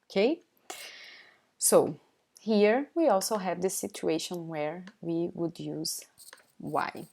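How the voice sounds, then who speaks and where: Woman, Brazilian Portuguese accent, young adult, live online lesson, unhurried delivery, repeats examples, keeps asking "okay?". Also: on the low side, creaky, a little mellow. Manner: repeats each example twice, checks in with "okay?". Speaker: language teacher.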